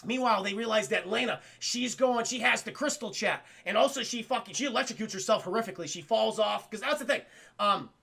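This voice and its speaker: A man recapping a film for his stream chat, excitable, swearing constantly and acting out the scenes. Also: sits high, brisk, creaky, slightly rough.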